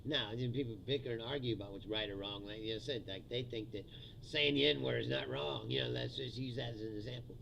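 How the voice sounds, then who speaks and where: A man's voice: medium pitch, fairly quick, gravelly, fairly bright tone, slight background noise. A man in his fifties, a comedian hosting a profane, ranting comedy livestream and laughing often. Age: 50s. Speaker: comedian host.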